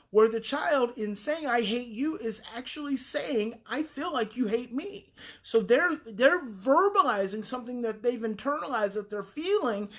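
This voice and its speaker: A woman talking earnestly and emphatically as a parenting advice host, repeating key phrases for weight. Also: a little high.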